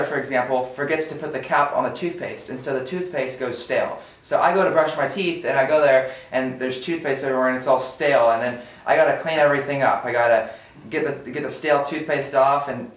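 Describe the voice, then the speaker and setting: A young man co-hosting a casual motivational talk, earnest and breaking into laughs between points. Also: mid-range voice. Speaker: co-host. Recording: roomy sound from a distant mic.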